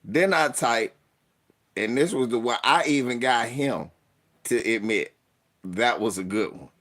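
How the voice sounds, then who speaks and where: A young man hosting a casual livestream, telling stories with animated delivery and mock voices. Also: medium pitch, a little slow. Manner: animated storytelling, puts on voices and mock formal talk. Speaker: streamer host.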